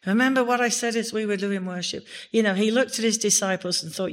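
A woman's voice: mid-range voice, brisk. A woman pastor giving a sermon in a church, speaking with emphasis and rising to exclamations on key words.

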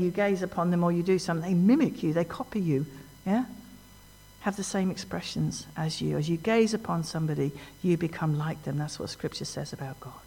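A woman preaching a sermon in a church, animated and emphatic, often asking the congregation questions. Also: mid-range voice. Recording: long hall reverb.

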